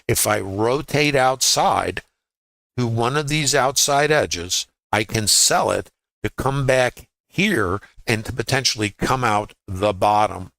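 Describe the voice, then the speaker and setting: A trading educator runs a live webinar, talking through charts conversationally and tossing rhetorical questions at viewers. His voice is medium in pitch, gravelly and a bit bright, with no room sound.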